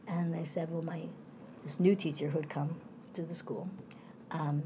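A woman's voice: low-pitched, fairly even intonation, moderate pace, long pauses, noisy background. A middle-aged woman professor in a conversational interview, speaking reflectively in winding asides.

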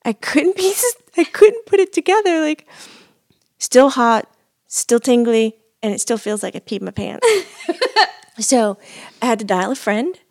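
Giggly woman telling a story slowly. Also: on the high side, animated, gravelly, darkish tone. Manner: giggly storytelling, bursts of laughter. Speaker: podcast co-host. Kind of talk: casual chat.

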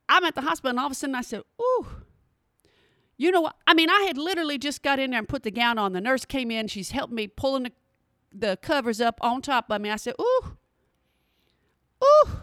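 A woman, telling a personal story in an animated, emphatic way and speaking straight to her listeners. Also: on the high side, dry recording, studio quality.

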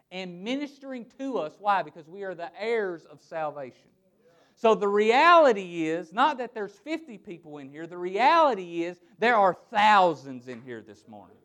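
High-voiced animated male preacher. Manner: animated preaching, reads scripture aloud and laughs at his own asides. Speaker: pastor. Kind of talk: sermon. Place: church with a small congregation.

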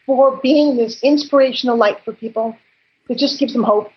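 A woman guest in an interview, talking in an effusive, animated and emotional way. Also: a little high, normal speed, husky, highs cut off.

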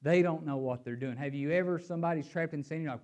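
A male preacher with a slightly high voice delivers a sermon and reads scripture aloud. His emphasis rises and falls, and he sometimes repeats words while he gathers his thoughts. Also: fast talker, dull audio. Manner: animated, rising and falling emphasis.

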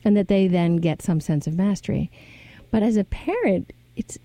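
Dark-voiced woman asking thoughtful questions. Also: mid-range voice, normal speed, dry recording. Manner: thoughtful, probing, casual fillers. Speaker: interviewer. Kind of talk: reflective interview questions.

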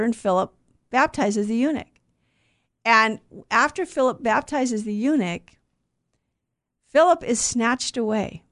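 Woman retelling bible stories to a group, kinda high voice, asks questions a lot. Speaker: Bible teacher. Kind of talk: scripture teaching to a group.

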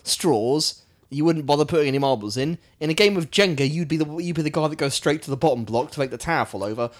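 A man in casual podcast chat, his voice sitting a little higher than most men's. He teases his co-host with dry wisecracks and the occasional swear word. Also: animated, fast.

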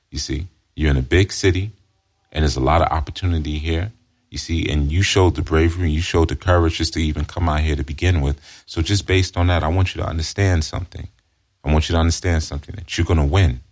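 A man with a very deep voice voicing a smooth-talking male predator who flatters and coaxes a runaway. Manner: coaxing, flattering, persuasive.

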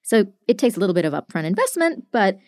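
A woman's voice: mid-range voice, big pitch swings, a little mellow, dry recording. Chatty woman explaining, dry sound. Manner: chatty, many filler "like"s, quick asides. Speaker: podcast co-host explaining code. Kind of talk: casual explanatory chat.

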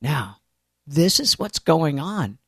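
A man's voice: on the high side, big pitch swings, takes it slowly, a bit bright, husky, no room sound, clean studio sound. A man preaching a sermon in an earnest, emphatic way, with conversational asides to his listeners.

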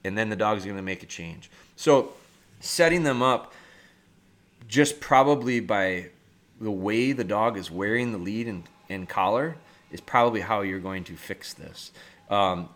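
A man's voice: lowish voice, moderate pace, a bit bright. A man hosting a podcast, explaining dog training step by step in a plain-spoken, practical way. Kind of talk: instructional podcast talk.

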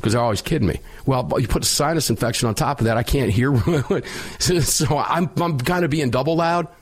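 A middle-aged man hosting a talk radio show, telling a story loudly and emphatically with a sinus infection. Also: mid-range voice, a little fast, husky.

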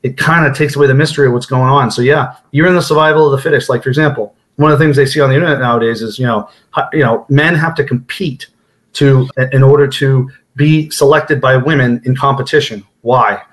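A man's voice: mid-range voice, fairly even intonation, fast talker. A man being interviewed as an author guest, explaining his ideas confidently in casual conversation.

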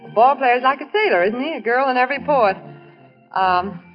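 Playful teasing girlfriend played by a woman, high voice, dull old radio sound, music behind. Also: lively intonation, moderate pace, lightly acted. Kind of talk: 1940s radio acting.

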